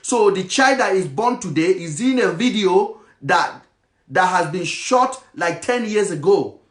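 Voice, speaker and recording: Impassioned Nigerian man, high voice. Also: lively intonation, measured pace, echoey room. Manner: passionate, with Nigerian Pidgin phrases. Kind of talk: impassioned monologue.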